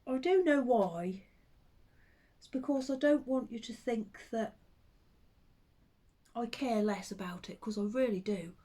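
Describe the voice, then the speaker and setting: A woman chatting casually to camera at home, rambling with hesitant ums and soft under-breath asides. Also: on the high side, expressive, unhurried, pauses often. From United Kingdom. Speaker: vlogger and full-time teddy bear maker.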